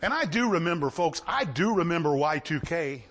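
Impassioned preacher man, high and lively. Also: normal speed. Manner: impassioned, swinging between shouts and low asides. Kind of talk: sermon.

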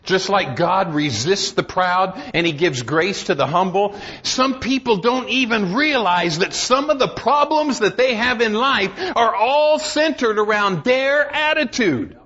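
A man preaching a sermon, emphatic and urging, reading scripture slowly and solemnly and dropping to low, intense tones. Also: lively intonation, a bit bright, lo-fi sound. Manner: reads scripture in slow, solemn cadence.

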